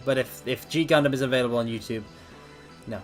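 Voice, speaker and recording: A man streaming casual chat, theatrical and animated, calling his viewers mortals, a little out of breath. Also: medium pitch, fast talker. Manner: animated, swings between loud outbursts and mock apologies. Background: faint background music.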